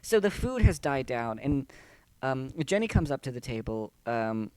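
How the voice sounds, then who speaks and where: A man's voice: mid-range voice, very animated, moderate pace, darkish tone, clean tone, dry recording. A man running a tabletop game as game master, narrating casually and rambling, correcting himself as he goes. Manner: rambling, self-correcting, chuckling.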